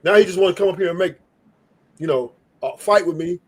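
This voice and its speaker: A man argues on a live stream, swearing freely and repeating his points. His voice sits high and sounds husky. He is combative and keeps pressing. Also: brisk. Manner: profane, combative, repeats himself. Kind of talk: heated live-stream argument.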